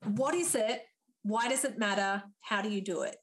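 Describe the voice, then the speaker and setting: A woman hosting an interview, speaking softly and asking short questions. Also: mid-range voice, normal speed. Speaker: interviewer, host.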